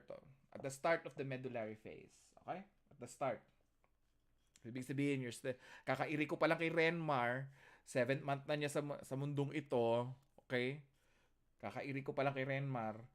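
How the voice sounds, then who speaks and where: A man with a Filipino accent and a medium-pitched voice lectures an online class. He teases his students and switches between English and Tagalog.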